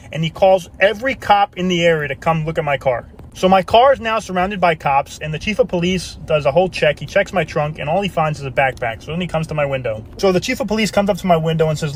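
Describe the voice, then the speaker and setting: A man with a slightly high voice tells a joke at a quick pace, keeping the setup deadpan. Faint background noise sits behind him. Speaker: joke teller. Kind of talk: telling a joke.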